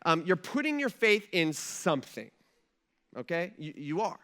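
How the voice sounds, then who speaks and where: A man preaching a relaxed, conversational sermon as pastor, often checking in with the congregation. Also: high voice, a little slow. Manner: casual, folksy, asks the room "right?" often.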